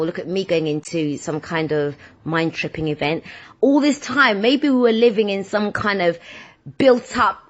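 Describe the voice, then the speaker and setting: A woman's voice: medium pitch, slightly rough. A woman hosting her podcast as a casual, playful monologue. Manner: animated, playful, breaks into silly singing. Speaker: podcast host. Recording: dull lo-fi recording.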